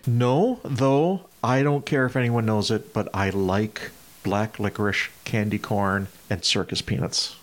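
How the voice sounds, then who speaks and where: A man's voice: on the low side, unhurried, hardly any pauses. A man co-hosting a podcast, chatting casually with dry jokes. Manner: dry, joking. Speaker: podcast co-host. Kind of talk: casual chat.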